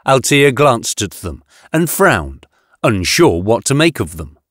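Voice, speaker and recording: A man narrating a science-fiction audiobook in an expressive reading on a close studio mic. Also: medium pitch, unhurried, no room sound.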